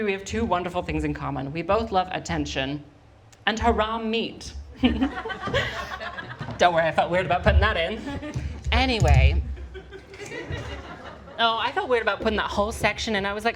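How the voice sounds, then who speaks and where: A young woman performing a stand-up comedy set on a live stage, with quick, wry, deadpan delivery. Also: mid-range voice.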